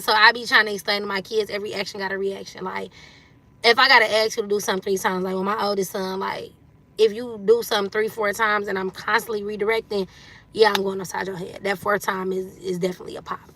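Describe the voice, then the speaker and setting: A woman, hosting a livestream and telling stories candidly in casual chat, acting out quotes with sudden leaps up in pitch. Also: steady tone, fairly quick, bright, forceful tone. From Detroit, USA. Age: 30s. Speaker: livestream host.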